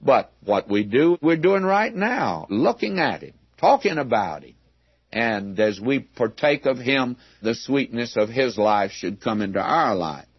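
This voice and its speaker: A man teaching verse by verse through a Bible passage, measured and emphatic, with frequent asides to his listeners. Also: mid-range voice, animated, husky, dry recording, dull audio.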